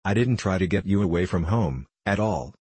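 A man's voice: deep voice, lively intonation, moderate pace, a little mellow, breathy edge, dry recording. A man voicing a friendly, shaggy wandering man who talks reassuringly, in an audiobook reading.

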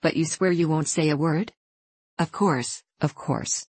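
A group of excited young ballet girls pleads eagerly for a ghost story, as a woman reads them aloud. Their questions come in a low voice over a dry, close recording. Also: a little slow, husky, no room sound. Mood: eager, curious.

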